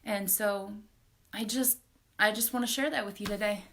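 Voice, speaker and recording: A woman in her forties hosting a live stream, telling a personal story in a heartfelt, halting way with soft laughs. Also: mid-range voice, fairly even intonation. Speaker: host.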